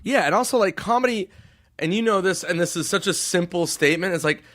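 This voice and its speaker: Profane, animated man on a podcast. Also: sits high, brisk, no echo, clean studio sound. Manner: profane, animated storytelling with lots of fillers. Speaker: guest comedian. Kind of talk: casual podcast chat.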